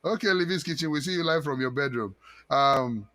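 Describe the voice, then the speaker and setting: A man's voice: mid-range voice, fairly quick, a bit bright, dry recording. A man hosting a live-stream chat show, reading out viewer comments and greeting them in a chatty, repetitive way. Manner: chatty, reads out viewer comments, repeats himself. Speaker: talk show host.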